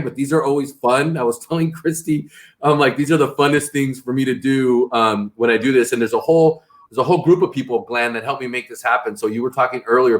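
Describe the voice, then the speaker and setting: A man hosting a casual interview, rambling with many restarts and tag questions. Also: mid-range voice. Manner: rambling, frequent restarts and "right?" tags. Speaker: interview host.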